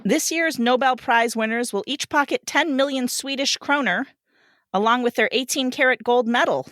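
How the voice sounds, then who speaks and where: Female podcast co-host; high, bright voice, giggly and relaxed, dry room. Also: normal speed, dry recording. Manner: laughs often, reads game cards aloud. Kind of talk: casual podcast chat.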